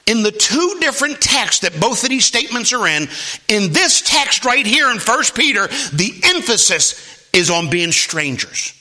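High, lively preaching man. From Philadelphia area. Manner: animated preaching, swooping from low asides to high shouts. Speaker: pastor. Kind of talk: sermon.

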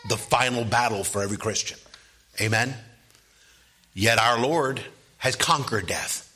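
A man preaching a sermon, moving from quiet asides to loud, rising preaching and asking "Amen?". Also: on the low side, a little hiss or hum.

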